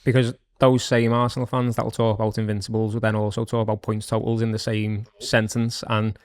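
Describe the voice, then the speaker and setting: A man co-hosting a podcast, chatting about football in a measured, matter-of-fact way. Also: fairly low pitch, flat delivery, a little mellow. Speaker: podcast co-host. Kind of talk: casual football chat.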